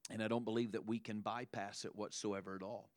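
Man preaching with a clear, resonant voice. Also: fairly low pitch, level tone, brisk, no echo. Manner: repeats words and punctuates with "amen" and "praise the Lord"; frequent restarts and filler "uh". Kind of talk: sermon.

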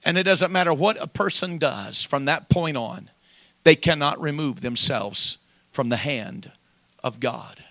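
A man preaching a fiery sermon, climbing to loud high-pitched shouts and sinking to hushed, quiet passages. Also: measured pace, no echo. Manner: rises to loud high-pitched shouting on scripture, drops to quiet near-whispers.

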